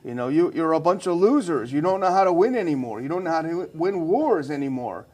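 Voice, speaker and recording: A man's voice: fairly high pitch, lively intonation, fairly quick, darkish tone. A man putting on a blustering, insulting president as he retells a meeting. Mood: ranting. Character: impression of a ranting male president.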